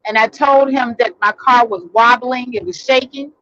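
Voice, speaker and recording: A woman's voice: on the high side, normal speed, fairly bright tone, highs cut off. A woman vlogger telling a personal story in a casual, rambling way, full of fillers and restarts, recorded in a vehicle.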